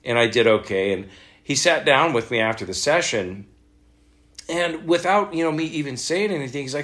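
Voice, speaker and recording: A middle-aged man, a voice actor, telling a story in a casual interview, animated and laughing as he acts out what others said. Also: medium pitch, moderate pace. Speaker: voice actor guest.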